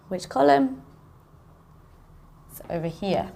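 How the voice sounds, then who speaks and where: A woman teaching English pronunciation in a slow, careful way, saying each word twice for learners. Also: mid-range voice, lively intonation. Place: classroom with a board.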